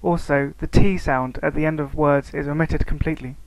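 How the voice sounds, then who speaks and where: A man reads a scripted educational narration in a slightly higher voice. He keeps a steady reading pace and slows down on the example words. The recording is dry and close, with no room sound. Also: creaky, no echo, rough recording. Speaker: student narrator.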